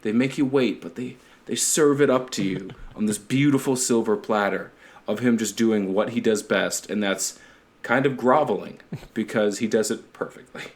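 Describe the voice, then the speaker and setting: A man's voice: fairly low pitch, normal speed. A man hosting a podcast, chatting casually, rambling, swearing freely and laughing often. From Canada. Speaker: podcast host. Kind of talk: casual chat.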